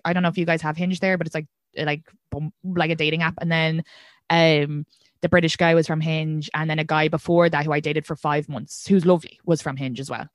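A woman's voice: low voice, dry recording, clean studio sound. A young Irish woman hosting a podcast, chatting frankly and casually and swearing freely. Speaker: podcast host. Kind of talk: casual chat.

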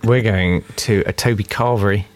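A man's voice: on the low side, fairly even intonation, moderate pace, slight background noise. A man hosting a podcast, chatting casually in a jokey, rambling way. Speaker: podcast host. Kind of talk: casual chat.

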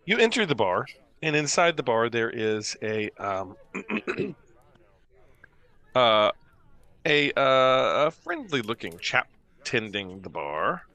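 Halting game master with a bright voice. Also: male voice, mid-range voice, big pitch swings, no echo. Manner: hesitant, many fillers while describing the scene. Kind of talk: narrating a tabletop game.

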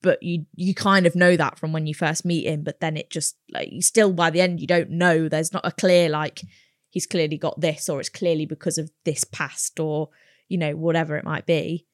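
A woman's voice: low-pitched, level tone, moderate pace, no room sound, studio quality. A woman co-hosting a podcast, explaining her opinions thoughtfully in casual chat. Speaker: podcast co-host.

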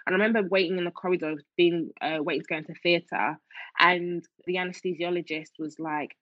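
A woman's voice: fairly low pitch, fairly even intonation, fairly quick, dry recording. A woman telling a personal story as an interview guest, emotional, with many fillers and restarts. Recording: dull dry lo-fi sound.

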